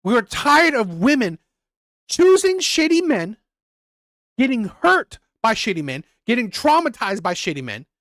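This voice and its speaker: A man's voice: very high voice, very animated, unhurried, fairly bright tone, dry recording, clean studio sound. A man hosting a reaction channel, ranting heatedly and repeating himself as he talks over live chat comments. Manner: heated, repetitive, profane.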